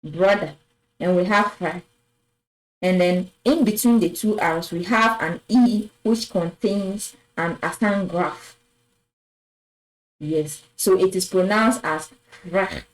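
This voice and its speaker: A woman teaching French pronunciation, patiently repeating each word and affirming with a soft "yes". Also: fairly low pitch, slow pace, rough recording. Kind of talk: slow explanatory lesson.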